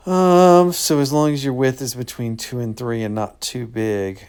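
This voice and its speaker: A man who is a math teacher, casually talking through an answer key and thinking out loud in an upbeat way. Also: mid-range voice, brisk, gravelly, hardly any pauses.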